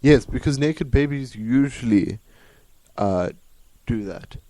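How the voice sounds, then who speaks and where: A man's voice: medium pitch, slow pace, dark tone, no room sound. Wry man, dry sound. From South Africa. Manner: wry, teasing, laughs often. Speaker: podcast co-host. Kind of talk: jokey podcast banter.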